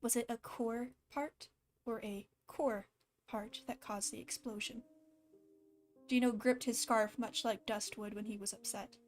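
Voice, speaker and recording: A woman's voice: fairly high pitch, fairly even intonation, a little slow, faint music behind. A woman casually reading a fan story aloud with a slight lisp, stopping now and then to laugh and comment. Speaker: fan fiction reader.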